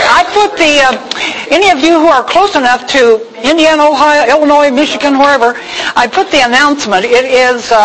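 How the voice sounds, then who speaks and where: A woman's voice: high voice, fairly bright tone, low-quality recording. Folksy woman giving heartfelt testimony. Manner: emotional, folksy storyteller with many fillers. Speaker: speaker at a women's church gathering. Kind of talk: personal testimony talk.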